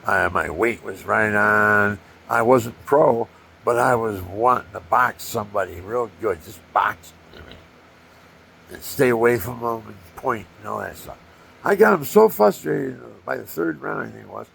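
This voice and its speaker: An older man with a gravelly voice, rambling through personal stories and acting out punches with sound effects. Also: fairly low pitch, unhurried, sharp tone, slight background noise. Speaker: storyteller.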